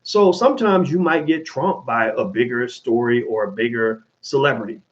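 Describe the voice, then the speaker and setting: A man hosting his own show, answering viewer questions in an animated, casual monologue full of restarts and swearing. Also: mid-range voice, moderate pace. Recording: dull lo-fi sound.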